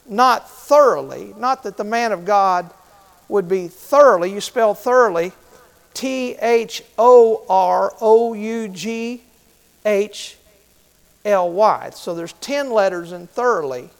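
Speaking in a high voice, a middle-aged man leads his congregation through a sermon, repeating important phrases and posing questions to them.

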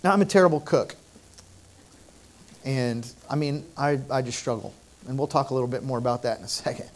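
A man's voice: mid-range voice, brisk. A man leading a prayer and then telling a humorous personal story in a sermon. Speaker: pastor.

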